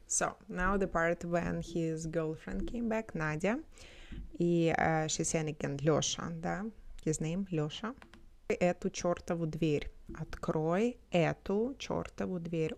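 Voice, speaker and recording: A woman explains words and phrases in a relaxed, teacherly way, filling her pauses with ums. Her voice sits low for a woman. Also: vocal fry, slight background noise. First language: Russian. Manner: explanatory, many fillers. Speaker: language teacher. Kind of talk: explaining language clips.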